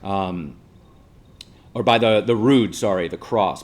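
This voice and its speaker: Low-voiced man teaching a lecture. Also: slow. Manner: explains patiently, with frequent 'um' and 'right?' check-ins. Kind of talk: casual classroom lecture.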